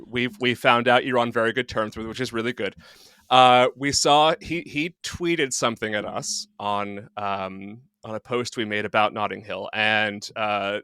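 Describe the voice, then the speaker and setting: A man's voice: on the low side, steady tone, measured pace, pushed and bright, clean tone, no room sound, studio quality. A man hosting a podcast, talking casually and jokingly with frequent ums. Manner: jokey, conversational, many ums. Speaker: podcast host.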